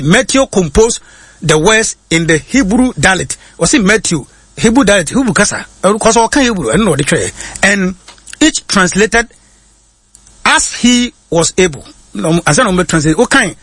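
A man with a Ghanaian accent teaching in sermon style, reading quotes slowly and then explaining them in quick bursts with many hesitations. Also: sits high, fairly bright tone, breathy edge, dry recording. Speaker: preacher. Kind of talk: sermon-style teaching, mixing English and Twi.

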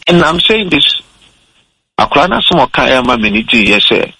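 A man telling a story in relaxed radio talk, switching between Twi and English. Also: mid-range voice, brisk, breathy edge, no room sound, rough recording.

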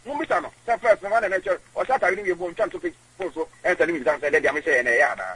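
A man, rambling in halting speech with many repeated words as an interview guest on radio. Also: sits high, lively intonation, sharp tone, rough recording. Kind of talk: casual interview.

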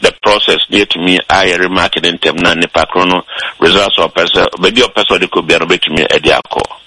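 Very deep, bright man speaking haltingly. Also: steady tone, no echo, low-quality recording.

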